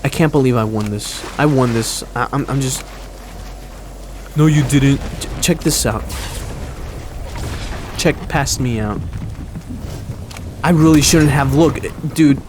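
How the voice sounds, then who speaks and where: A man's voice: medium pitch, slow, long pauses, background noise. Rambling man commenting on his game. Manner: rambling, self-mocking, chuckling. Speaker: gaming commentator. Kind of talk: casual gameplay commentary.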